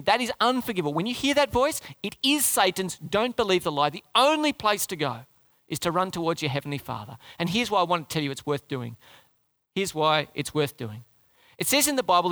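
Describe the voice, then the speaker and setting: A male pastor preaches in a high, lively voice whose pitch jumps all over the place. Speaking at a moderate pace, he emphatically pelts the congregation with rhetorical questions, and the recording is close and dry.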